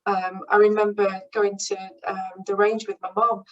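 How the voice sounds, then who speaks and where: A woman in her forties talks frankly and informally, hesitating with ums and restarting sentences as she shares her own experience. Her voice sits at an ordinary middle pitch. She is picked up from a little way off the mic. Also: level tone, normal speed, lo-fi sound. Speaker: speaker at a branch meeting. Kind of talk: informal talk from personal experience. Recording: voice somewhat far from the mic.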